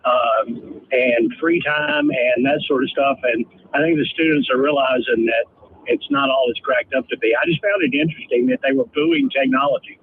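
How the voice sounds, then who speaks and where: A man's voice: medium pitch, moderate pace, vocal fry. A man calling in to a radio talk show, telling sarcastic stories. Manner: animated, sarcastic storyteller. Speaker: caller. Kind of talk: call-in radio chat. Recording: tinny phone line with faint hiss.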